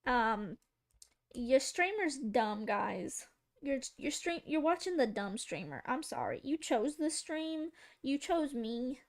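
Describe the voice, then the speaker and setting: A woman's voice: high voice, very animated, slow. A woman streamer chatting casually to her viewers while drawing, rambling, giggly and poking fun at herself. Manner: rambling, giggly, self-mocking, talking to chat.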